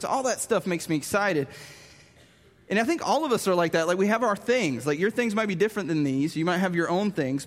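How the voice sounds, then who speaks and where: A man preaching with a high, bright-sitting voice. He tells stories in an animated way and laughs at himself. The sound carries a long reverb, like a large hall. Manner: animated, self-mocking storytelling. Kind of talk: storytelling sermon.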